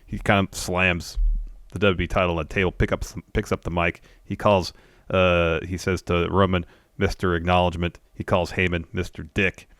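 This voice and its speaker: A man co-hosting a wrestling podcast, casually recapping a show and acting out the wrestlers' promos with animated delivery. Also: deep voice, moderate pace, dry recording, studio quality.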